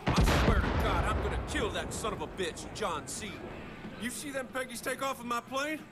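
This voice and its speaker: A man's voice: high-pitched, expressive, moderate pace, heavy background noise. An actor playing a desperate redneck pilot and father-to-be, pleading and swearing. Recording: game audio under loud music.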